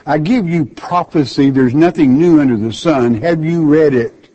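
Male preacher reading bible verses then explaining them, slow and blunt, kinda husky, muffled lo-fi sound. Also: medium pitch, animated, mellow. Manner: direct, scolding, asks rhetorical questions. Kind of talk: sermon with scripture reading. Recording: dull lo-fi recording.

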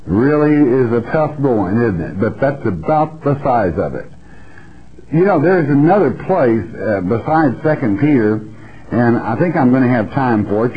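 A man giving a broadcast Bible teaching in a blunt, folksy, emphatic way. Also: medium pitch. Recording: dull lo-fi broadcast audio.

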